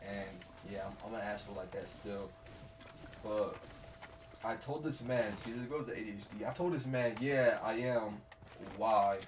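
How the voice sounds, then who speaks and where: A man's voice: fairly low pitch, steady tone, normal speed. Man, streamer, casual storytelling, rambling, slangy, profane, distant mic, faint background noise. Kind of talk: casual storytelling while gaming.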